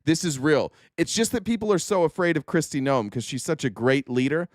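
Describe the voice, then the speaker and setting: A man's voice: on the high side, lively intonation, brisk, no echo, clean studio sound. A man hosting a podcast, giving sarcastic, mocking political commentary on video clips. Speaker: podcast host.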